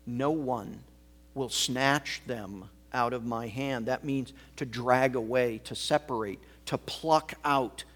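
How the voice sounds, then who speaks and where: A man preaching a sermon, slow and emphatic, repeating key words for weight. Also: mid-range voice, husky. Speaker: pastor.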